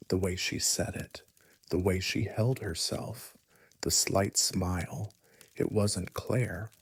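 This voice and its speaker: A man narrating a scripted first-person horror story in a hushed, often whispery delivery. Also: low-pitched, fairly even intonation, slow, vocal fry, breathy edge.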